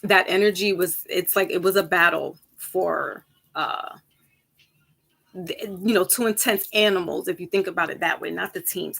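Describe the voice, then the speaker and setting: A woman tarot reader chatting casually with her viewers, rambling from topic to topic, laughing easily and jumping up high for emphasis. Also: expressive, unhurried, gravelly, a bit bright, breathy edge. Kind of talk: casual chat with viewers before a reading.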